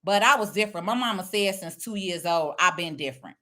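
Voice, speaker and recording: A woman's voice: on the low side, lively intonation, brisk, bright, forceful tone. A woman speaking blunt, preachy casual talk, lecturing her viewers. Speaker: online commentator. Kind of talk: casual direct-to-camera talk.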